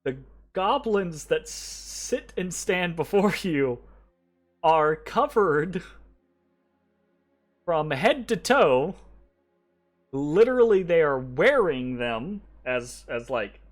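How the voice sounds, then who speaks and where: A man's voice: on the high side, lively intonation, slow, pauses often, soft background music. A man narrating a tabletop game as game master, rambling with fillers and restarts.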